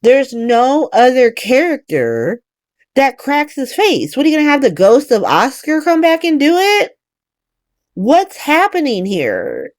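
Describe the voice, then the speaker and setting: A woman's voice: sits high, wildly swooping pitch, a little slow, no echo, studio quality. A woman casually recapping a soap opera as host, blunt and profane, acting out the characters' lines.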